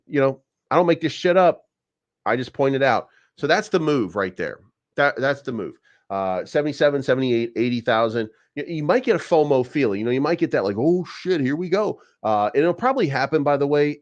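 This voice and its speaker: A man's voice: medium pitch, no echo, dull audio. A man hosting a crypto channel, talking casually through price charts, rambling with lots of fillers, repeated words and casual swearing.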